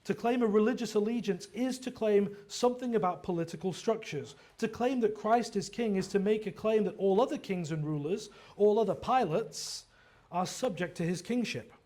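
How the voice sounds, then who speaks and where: A pastor with a high male voice gives an earnest, expository sermon. He frequently stumbles on a word and restarts, adding a quick "right?" to keep his listeners with him, and he shifts into lively quoted lines when voicing a figure's words.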